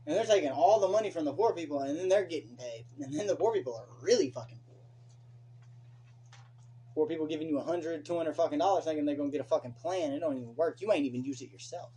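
A young man hosting a late-night podcast chat, swearing freely as he rants through his opinions. His voice sits a bit high for a man, with a mellow, dark tone and faint noise behind. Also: quick pace. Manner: profane, ranting, animated opinions. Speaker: podcast host.

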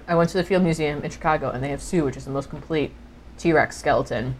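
Low-voiced woman hosting a podcast. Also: fast, a little mellow, slight background noise. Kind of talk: casual chat.

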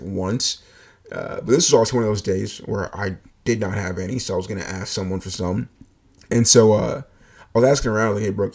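A man's voice: on the low side, vocal fry. A young man hosting a podcast, telling a story in a blunt, profane, joking way. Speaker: podcast host. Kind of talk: casual storytelling monologue.

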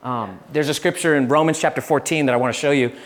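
A young man giving a relaxed, chatty sermon, telling stories with laughs and restarts. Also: medium pitch, fast. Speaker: pastor. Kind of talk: casual sermon with storytelling.

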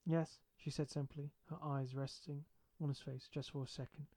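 A man narrating a novel aloud in a measured reading voice, now and then stumbling and restarting a word. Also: on the high side, flat delivery, dark tone. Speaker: audiobook narrator. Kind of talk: audiobook narration.

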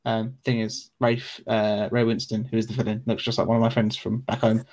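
A man's voice: on the low side, flat delivery, brisk, darkish tone. Rambling man chatting casually. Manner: rambling, enthusiastic, slangy. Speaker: podcast co-host. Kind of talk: casual chat.

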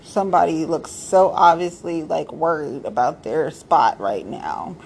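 A woman's voice: deep voice, animated, unhurried, gravelly, darkish tone, a little hiss or hum. A woman talking bluntly about local politics in a casual, sassy, profane rant, stressing her points and repeating them. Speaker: political commentator.

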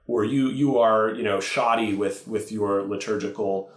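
Man, priest and teacher, interview, earnest, fairly low voice, roomy echo. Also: steady tone, measured pace. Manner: thoughtful, earnest, with self-corrections. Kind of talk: podcast interview.

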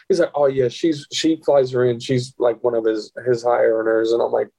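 A man casually telling a rambling, profane story, his pitch leaping up whenever he quotes someone. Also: normal speed, creaky, husky, poor audio. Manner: animated, profane, jumps high in pitch for quoted voices.

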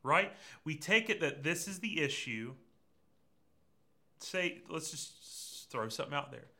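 A pastor with a fairly high voice and some vocal fry preaches at a measured pace, keeping his sermon lively and conversational as he speaks directly to his congregation.

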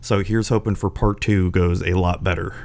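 Low-voiced rambling male podcast host. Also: steady tone, normal speed, darkish tone. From Florida, US. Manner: rambling, lots of restarts and fillers. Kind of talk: casual interview chat.

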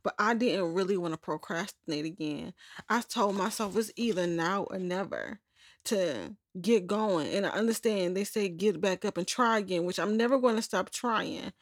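A woman's voice: medium pitch, expressive, normal speed, no echo, studio quality. A young adult woman hosting a personal podcast, talking candidly in a rambling, self-correcting way. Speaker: podcast host. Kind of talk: personal journal-style podcast monologue.

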